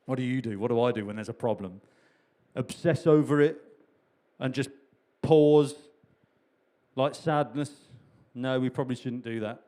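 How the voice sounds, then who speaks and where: Chatty pastor preaching. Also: male voice, mid-range voice, moderate pace, a little mellow. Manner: chatty, humorous preaching with repeated key phrases. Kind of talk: sermon.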